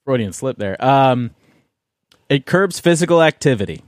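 A man's voice: mid-range voice, lively intonation, normal speed, no room sound, studio quality. A man from Canada reading articles aloud in casual comedic chat, rambling with lots of fillers.

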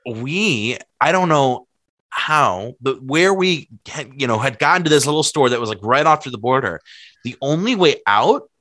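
Rambling man telling stories, lively pitch. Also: normal speed, dry recording. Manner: rambling, packed with "like" fillers; laughs while telling stories. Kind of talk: casual storytelling chat.

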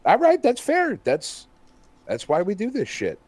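A man's voice: sits high, measured pace, breathy edge, no echo. A man co-hosting a casual comic review chat, swearing freely and laughing often. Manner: profane, animated, laughs often. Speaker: podcast co-host reviewing comics.

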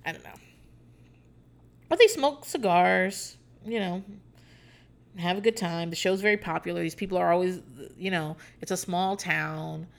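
A young woman from Virginia hosting a podcast, chatting casually, cursing freely, laughing a lot and acting out quotes in a high voice. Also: a little slow, vocal fry, long pauses. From Hampton Roads, Virginia. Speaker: podcast host. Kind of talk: casual storytelling chat.

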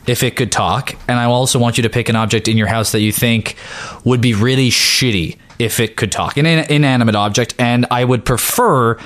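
Mid-pitched man hosting a podcast. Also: fairly quick, fairly bright tone. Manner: joking, swears casually, introduces segments. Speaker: podcast host. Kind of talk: casual chat.

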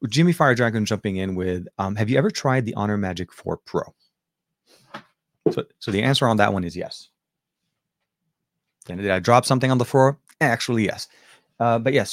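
A Lebanese man with a lowish voice hosts a tech show, chatting casually and answering viewer questions in a rambling way full of fillers and restarts. The sound is clean studio quality without echo.

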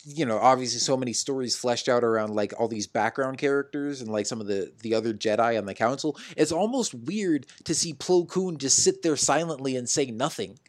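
Male co-host, mid pitch, loose filler-heavy delivery. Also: no room sound, studio quality. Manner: loose, lots of likes and fillers. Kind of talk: casual chat, watch-along commentary.

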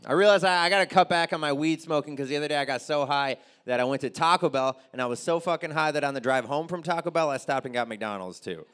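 A man's voice: a little high, fast talker, few pauses, a bit bright. A young man doing a loose, crude stand-up set and chatting with the crowd. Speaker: stand-up comedian.

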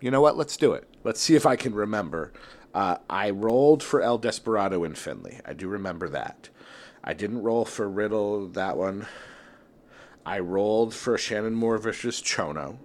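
A man with a lowish voice talks casually on his own, musing aloud as he works things out. He rambles, fills pauses with "um" and "you know," and often restarts his sentences partway through. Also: lively intonation. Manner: rambling, thinks aloud with many fillers and restarts. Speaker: wrestling tournament host. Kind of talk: casual solo commentary.

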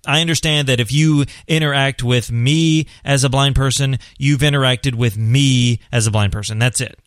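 A man's voice: mid-range voice, a bit bright, no echo, studio quality. A blind man, a parent, talking casually to visually impaired viewers, earnest and encouraging, often repeating a point for emphasis. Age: adult, parent of a son. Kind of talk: casual advice monologue.

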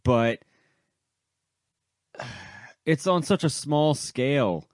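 A man co-hosting a casual wrestling podcast, animated and loose, swearing and trailing off into asides. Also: medium pitch, drawn-out words, no echo, clean studio sound. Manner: animated, swearing, jumps between loud and mumbled asides. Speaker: podcast co-host.

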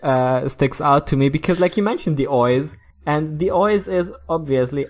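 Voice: medium pitch, a little mellow. A podcast co-host in a casual discussion who laughs easily. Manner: giggly, quick to laugh.

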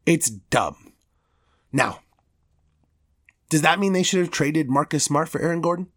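A man's voice: a little high, lively intonation, a little slow. A man hosting a sports podcast, delivering a heated, profane rant with strong emphasis.

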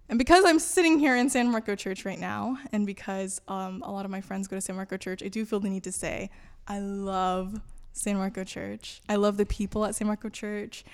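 Animated woman telling a faith story. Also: mid-range voice. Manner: animated, acts out her own past thoughts in quotes. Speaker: guest. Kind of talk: conversational storytelling. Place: church.

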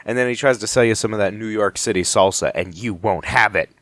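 A young adult man hosting a podcast in a casual chat, rambling and jokey, with quick tangents. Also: lowish voice, a bit bright, no room sound. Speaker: podcast host.

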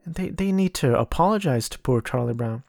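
A man's voice: medium pitch, lively intonation, brisk, vocal fry, a little mellow, no room sound, studio quality. A man hosting a casual solo podcast, rambling and correcting himself as he talks. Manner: rambling, self-correcting, mocking impressions. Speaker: podcast host.

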